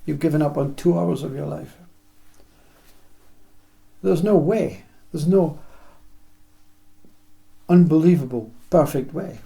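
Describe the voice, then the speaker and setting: Spiritual teacher guy, warm dark tone, kinda high, talks in lists and acts out little conversations. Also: vocal fry. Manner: slow, list-like phrasing that acts out little dialogues. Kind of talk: reflective spiritual talk.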